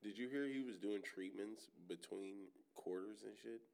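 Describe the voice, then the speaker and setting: A man's voice: lowish voice, normal speed, creaky, a little mellow. A man in casual, profane sports chat who tells stories and laughs often.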